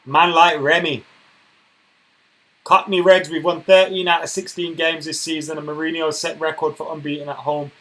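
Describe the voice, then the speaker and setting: A man hosting a casual football live stream, chatting and reading viewer comments aloud, getting loud and worked up when he rants. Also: on the high side, little pitch movement, moderate pace, low-quality recording. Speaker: football channel host reading live chat.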